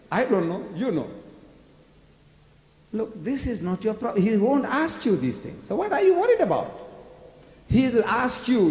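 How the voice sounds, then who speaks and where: An older man with a South African accent giving a public religious lecture, animated and full of mocking rhetorical questions. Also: high-pitched. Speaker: preacher. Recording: echoey hall recording.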